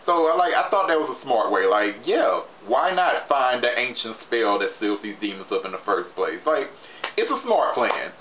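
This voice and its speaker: A man's voice: mid-range voice, normal speed. Chatty young man reviewing a show. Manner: chatty, animated, lots of fillers. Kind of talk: casual review vlog. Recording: roomy, slightly muffled recording with faint hiss.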